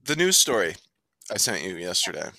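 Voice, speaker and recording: A man's voice: sits low, normal speed, a little hiss or hum. A man co-hosting a podcast, chatting casually, laughing often and keeping the segments moving. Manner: lively, laughs often, moves segments along. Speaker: podcast co-host. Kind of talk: casual chat.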